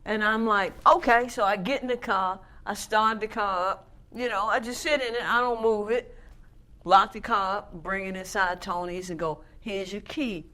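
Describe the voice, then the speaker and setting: A woman's voice: mid-range voice, fairly even intonation, normal speed, pushed and bright. A woman hosting a casual interview, with a mid-range voice that sits in the ordinary middle. She talks in a loose, conversational way, tells her own stories, and keeps checking in with her guest. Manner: conversational, frequent "right?" affirmations, tells anecdotes. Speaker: interview host.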